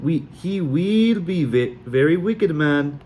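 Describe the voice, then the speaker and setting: A young woman hamming up a terrible fortune-teller accent, as a man puts her on, pitched well up and loud. She drags out her broken words. Faint hiss runs beneath. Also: big pitch swings. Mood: mock solemn. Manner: slow, broken put-on accent.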